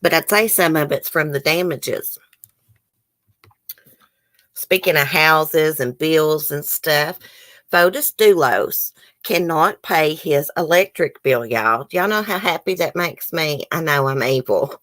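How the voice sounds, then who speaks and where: Low-voiced woman chatting on stream. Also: takes it slowly, fairly bright tone. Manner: chatty, reads viewer comments aloud. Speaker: YouTube host. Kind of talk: casual live-stream chat.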